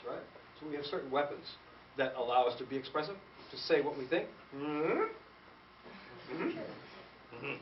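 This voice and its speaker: A man's voice: medium pitch, normal speed, long pauses. Guy coaching a school band, lots of "right?", far off in a roomy hall with hiss, kinda muffled. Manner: animated, rhetorical questions, coaxing students. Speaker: guest band conductor. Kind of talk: rehearsal feedback to a school band. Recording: distant echoey room recording, dull, noisy.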